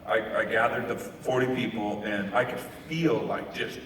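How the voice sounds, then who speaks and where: A man's voice: on the low side, moderate pace, a little hiss or hum. A touring musician and evangelist, a man, tells stories in an interview and acts out the people he quotes. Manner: animated storyteller who acts out quoted people. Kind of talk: storytelling in an interview. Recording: echoey hall from far off.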